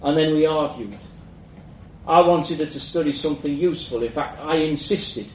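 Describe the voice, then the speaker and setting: Male narrator, mid pitch, measured reflective story reading, roomy sound from a distance. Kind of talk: first-person story reading. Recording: roomy echo, mic at a distance, faint background hum.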